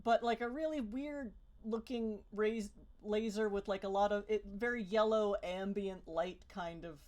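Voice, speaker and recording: A woman's voice: medium pitch, a little slow, a little mellow. A woman narrating as game master of a tabletop role-playing game, rambling with many fillers and restarts.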